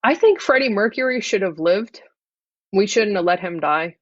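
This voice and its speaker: Deadpan improv guest, dry flat delivery, muffled lo-fi video call sound, middle pitch. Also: normal speed, dry recording. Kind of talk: improvised in-character interview. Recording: dull lo-fi video call audio.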